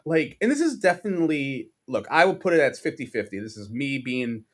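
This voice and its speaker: A man's voice: mid-range voice, very animated, brisk, fairly bright tone. A man with a New York accent, co-hosting a sports podcast and ranting in a profane, exasperated way with mocking impressions. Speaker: podcast co-host. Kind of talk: casual sports podcast rant.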